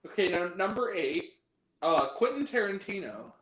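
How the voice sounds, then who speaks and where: A man hosting a live stream, chatting casually and a little tired, animated and given to laughing and acting out lines. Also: high-pitched, normal speed, roomy sound, rough recording. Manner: animated, laughing, acts out film quotes. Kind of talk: casual chat.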